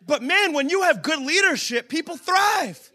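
A pastor with a strikingly high, bright, forceful voice gives a humorous, conversational sermon at a church service. Animated and at normal speed, he jokes loosely with the congregation, swinging between casual asides and emphatic, shouted points.

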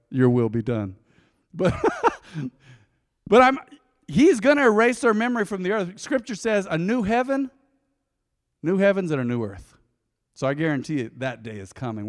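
A man teaching through Bible verses in a casual devotional sermon. He talks straight to his listeners, swinging from emphatic to soft and reflective. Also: a little high, animated, moderate pace, long pauses, in a large hall. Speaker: pastor.

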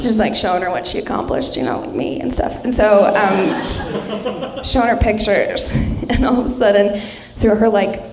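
A young woman doing stand-up comedy on a club stage, delivering dark punchlines deadpan with chatty fillers. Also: medium pitch, normal speed. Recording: echoey club, audience laughing. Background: crowd laughter.

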